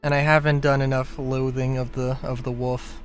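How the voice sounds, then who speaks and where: A man live-streaming a space game, chatting casually in a slow, rambling, self-interrupting way, a bit glum about his luck. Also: mid-range voice, little pitch movement, clear, resonant tone, soft background music. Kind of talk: casual live-stream chat while playing.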